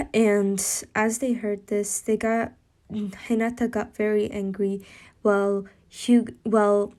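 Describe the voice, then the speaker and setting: A woman's voice: mid-range voice, flat delivery, takes it slowly. A young woman casually narrating a fan story she makes up as she goes, rambling with fillers and self-corrections.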